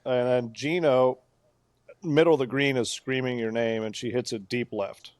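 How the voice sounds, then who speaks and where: Male co-host, mid-pitched, excitable play-by-play storyteller, dry close recording. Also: normal speed, dry recording. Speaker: podcast co-host. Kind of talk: casual golf podcast chat.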